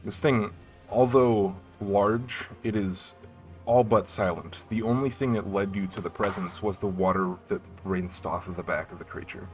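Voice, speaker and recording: A man running a tabletop game as game master, narrating scenes in an unhurried, descriptive way. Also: fairly low pitch, fairly even intonation. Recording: faint background music.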